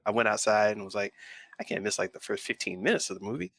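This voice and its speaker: Guy co-hosting a pop culture pod, bright forceful voice, rambly storytelling, dry close mic. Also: fairly low pitch, fast talker, creaky, no room sound. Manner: rambling storyteller, animated retelling. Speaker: podcast co-host. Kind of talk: casual chat.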